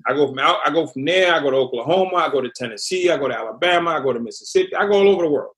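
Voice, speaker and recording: Brief: middle-aged man, slightly high voice, lively first-person storytelling guest. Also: rapid-fire. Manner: animated storyteller, acts out quotes. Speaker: podcast guest. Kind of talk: storytelling interview.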